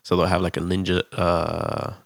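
A man's voice: sits low, monotone, normal speed, gravelly, dry recording. A man co-hosting a casual podcast, laid-back and chatting with dry remarks. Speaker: podcast co-host. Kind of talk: casual chat.

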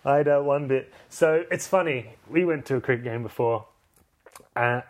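A young Australian man hosting a podcast in easygoing, casual chat. His pitch sits right in the middle for a man. He tells his stories with lots of laughter and acts out the people in them. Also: moderate pace. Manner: chatty, laughs often, acts out anecdotes. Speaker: podcast host.

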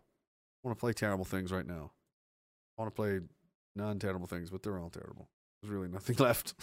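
A man hosting a livestream, ranting casually with lots of swearing and sudden loud outbursts. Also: medium pitch, no room sound, clean studio sound. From partly Nova Scotia, Canada. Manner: rambling, profane, animated, bursts into shouts. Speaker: livestream host. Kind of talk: casual profane livestream rant.

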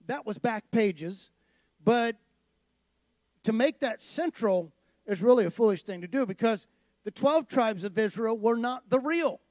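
A man's voice: high voice, lively intonation, measured pace, darkish tone, no echo. A man preaching a sermon in a conversational way that builds to emphatic declarations. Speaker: pastor.

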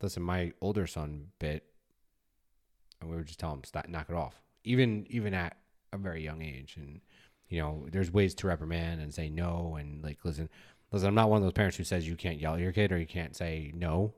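A man in his forties co-hosts a podcast about fatherhood, casually telling stories and acting out his own scolding in an animated way. His voice is low and a little fast.

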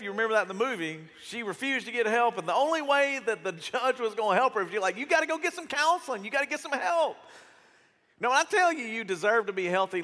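Lively fifty-something pastor preaching. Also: male voice, high-pitched. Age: 50s. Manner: conversational, acts out quotes, direct. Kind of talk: sermon. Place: church hall. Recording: echoey church hall.

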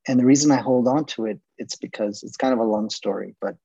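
A man's voice: medium pitch, quick pace, creaky, mellow, breathy edge, dry recording, muffled recording. A man in his forties from Texas, a guest casually telling long rambling stories with lots of fillers. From Laredo, Texas. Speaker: interview guest. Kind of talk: casual storytelling interview.

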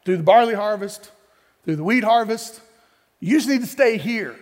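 A pastor voicing a generous, smitten landowner, speaking in a casual, reassuring way that repeats itself. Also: male voice, sits high, lively intonation, normal speed. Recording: long hall reverb.

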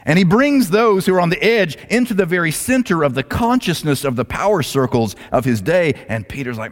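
Male pastor, sermon delivery, very lively pitch, slightly higher voice, long hall reverb. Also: a little fast, few pauses. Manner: dramatic storyteller, swings between loud and hushed.

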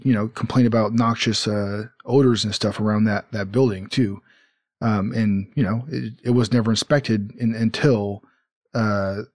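Podcast host dude rambling along, um and uh everywhere, dry close mic. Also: male voice, fairly low pitch, darkish tone, no room sound. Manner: rambling, lots of fillers and restarts. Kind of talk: casual podcast chat.

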